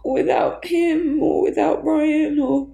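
Grieving woman guest, high gravelly voice, halting, blunt, near tears. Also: steady tone, dark tone, roomy sound, low-quality recording. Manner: halting, raw, swears bluntly. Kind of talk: candid conversation.

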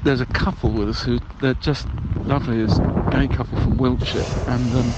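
A man's voice: mid-range voice, steady tone, moderate pace, muffled recording, very noisy. A man leaving rambling, cheerful voicemails as a balloon ride passenger, with many hesitations. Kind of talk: comic voicemail monologue.

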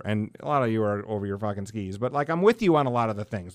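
A man's voice: mid-range voice, big pitch swings, quick pace, hardly any pauses, no room sound. Middle-aged guy ranting, swears a lot, dry close sound. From South Dakota, USA. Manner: heated, blunt, swears freely. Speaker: podcast host. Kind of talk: profane ranting monologue.

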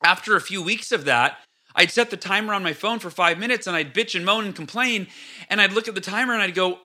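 A podcast guest chats casually in an interview, telling stories in a high, very bright, forceful voice at a fast pace. He acts out his own past outbursts with lively energy before settling back into calm explanation.

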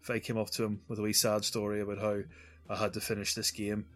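A man's voice: on the low side, monotone, fast talker, fairly bright tone, no room sound. A man co-hosting a gaming podcast in casual chat, self-deprecating and often trailing off in mumbled asides. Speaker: podcast co-host. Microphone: podcast microphone.

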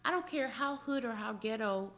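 A woman's voice: on the high side, normal speed, fairly bright tone. A woman co-hosting a casual chat, emphatic and preachy, who chimes in with short agreements. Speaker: podcast co-host.

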